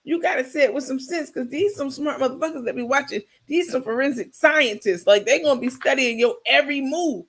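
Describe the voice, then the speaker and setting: A woman's voice: sits high, voice pushed up, lightly acted. A woman putting on the voice of a bossy, scheming woman who coaches and pushes someone around. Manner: bossy, coaxing, fast-talking.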